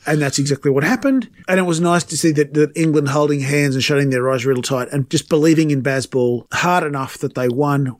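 A man co-hosting a casual sports podcast, blunt, opinionated and sweary. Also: fairly high pitch. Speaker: podcast co-host.

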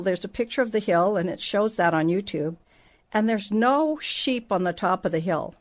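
A middle-aged woman teaching the Bible on a faith podcast, in a conversational way with asides and restarts. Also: medium pitch.

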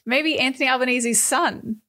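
A woman hosting a podcast in a teasing, chatty way. Her voice sits a little high, and she talks quickly. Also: sharp tone. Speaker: podcast host. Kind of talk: casual comedic chat.

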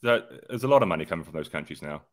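A very deep-voiced man co-hosting a podcast. He talks in a laid-back, rambling way and swears freely. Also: animated, rapid-fire. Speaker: podcast co-host. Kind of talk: casual chat.

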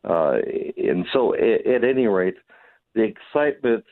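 A man calling in by phone, hoarse from losing his voice, speaking enthusiastically with many halting fillers. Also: lowish voice, sing-song. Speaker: phone guest, venue operator. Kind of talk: phone interview. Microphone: telephone. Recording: tinny phone line.

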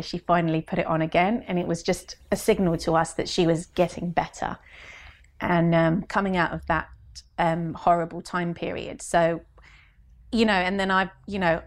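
Interview guest: woman, slightly low voice, chatty, acts out quotes. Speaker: guest, brand consultant. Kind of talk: conversational interview.

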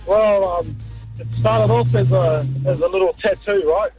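A man, calling in to a radio show and telling a story in a halting, rambling way. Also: high-pitched, husky, faint music behind. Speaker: caller. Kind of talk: casual phone chat. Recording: muffled phone line.

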